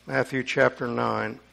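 A man's voice: medium pitch, steady tone, slow, vocal fry, a bit bright. A man preaching a sermon, reading scripture aloud and commenting on it with rising emphasis.

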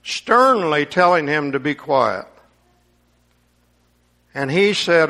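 A man's voice: on the high side, expressive, takes it slowly, bright, forceful tone. A man preaching a sermon, reading scripture aloud and commenting on it with rising emphasis.

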